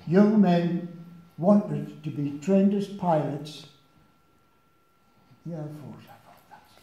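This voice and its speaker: A man in his nineties telling wartime anecdotes to a local group, with dry humour and frequent pauses. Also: fairly high pitch, dark tone. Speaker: war veteran giving a talk. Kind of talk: storytelling talk to a local group. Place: village hall. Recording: echoey hall, dull lo-fi sound.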